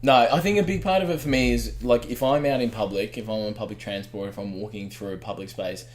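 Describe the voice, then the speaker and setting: A man's voice: on the low side, fast, darkish tone. A man in his twenties with an Australian accent, chatting in a dry, laid-back way and laughing easily on a podcast. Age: 20s. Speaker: podcast co-host. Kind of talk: casual chat.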